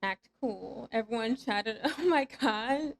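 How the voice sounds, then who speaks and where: Young woman, streamer, playful, teasing, giggly, casual gaming chat, higher voice. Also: takes it slowly, creaky. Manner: playful, teasing, bursts into squeals and laughs. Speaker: VTuber streamer.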